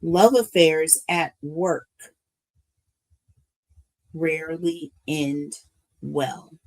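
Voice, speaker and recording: Gravelly, slow-talking grandmother reading tarot. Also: sits low, steady tone, low-quality recording. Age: older. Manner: emotional, preachy, addresses viewers as y'all. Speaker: tarot reader. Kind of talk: live tarot reading to viewers.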